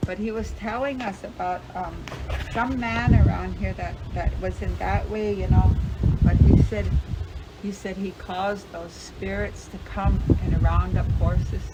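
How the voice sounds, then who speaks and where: A woman's voice: medium pitch, a little slow. An older woman from Fort Belknap, Montana, an elder being interviewed, recalling family stories in a rambling way and acting out remembered dialogue. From Fort Belknap, Montana, USA. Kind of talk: casual storytelling recollection. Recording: lo-fi with loud background noise.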